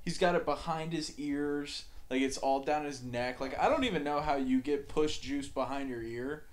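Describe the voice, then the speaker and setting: A young man telling a crude story on a podcast, laid-back and profane, often dropping to a low mumble. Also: moderate pace. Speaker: podcast co-host.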